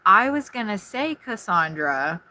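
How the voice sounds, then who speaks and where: A woman live-streaming from inside her RV on a phone propped on a tripod, chatting quickly and jumping from one thing to the next. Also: medium pitch, a little hiss or hum. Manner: fast, scattered, excitable chatter. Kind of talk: casual live-stream chat. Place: inside an RV at a campground.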